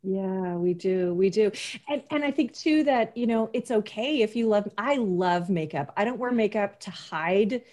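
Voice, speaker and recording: A woman's voice: medium pitch, animated, measured pace, darkish tone. A woman in her forties hosting a podcast interview, chatty and self-deprecating, with many fillers and restarts. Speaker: podcast host. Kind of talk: casual interview chat.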